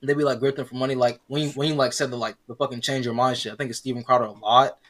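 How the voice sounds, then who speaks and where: A man's voice: mid-range voice, little pitch movement, rapid-fire, a bit bright. Slangy man in casual podcast chat. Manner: slangy, filler-heavy.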